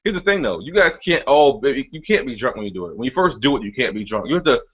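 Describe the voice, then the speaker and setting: A man's voice: medium pitch, sing-song, fast, breathy edge, highs cut off. A man in casual chat, teasing and laughing as he comments.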